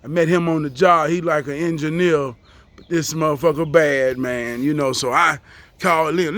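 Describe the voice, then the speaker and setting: A man's voice: on the high side, steady tone, moderate pace, a bit bright, dry recording. A man telling a casual, profane story, acting out what people said. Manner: loose, profane, acts out quoted voices.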